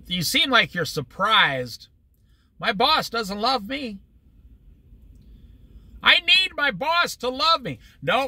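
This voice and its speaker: Leading a Bible study, a man preaches conversationally and with humor, often dropping into quick everyday voices. His high, very bright voice swings widely in pitch, and the sound is dry and close with no room sound.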